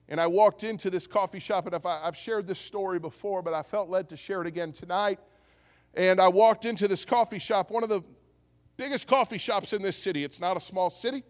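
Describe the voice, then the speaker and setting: A man with a fairly high-pitched voice preaches to his congregation, spinning a personal story and voicing the people in it. His words ring out with long reverb through a church hall. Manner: storytelling, animated, acts out quotes. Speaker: pastor. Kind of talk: sermon. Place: church sanctuary.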